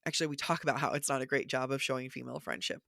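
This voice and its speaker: A woman co-hosting a book podcast in casual chat, her voice raspy from just waking, animatedly quoting passages and thinking aloud. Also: a bass voice, very fast, a bit bright, no echo, studio quality. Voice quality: raspy morning voice. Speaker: podcast co-host. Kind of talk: casual literary discussion.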